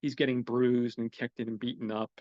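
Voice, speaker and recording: A man's voice: medium pitch, level tone, moderate pace, darkish tone, dry recording, lo-fi sound. A man hosting a podcast, talking through a graphic novel in a casual, meandering way, with fillers and the odd swear word. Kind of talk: casual, rambling monologue.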